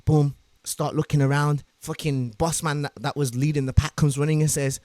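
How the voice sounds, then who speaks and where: A young man, talking high in his range, retells a story on his stream with shouts, curses and sound effects. The sound is dry and close, with no room around it. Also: moderate pace, no room sound. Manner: swearing, shouting, mimicking sounds. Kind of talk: animated storytelling.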